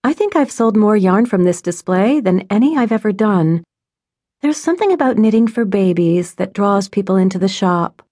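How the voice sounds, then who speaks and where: A woman's voice: mid-range voice, lively intonation, normal speed, warm tone, no echo, clean studio sound, voice pushed up, lightly acted. A woman voicing a friendly adult woman who owns a yarn shop, chatty, upbeat and reassuring, in an audiobook.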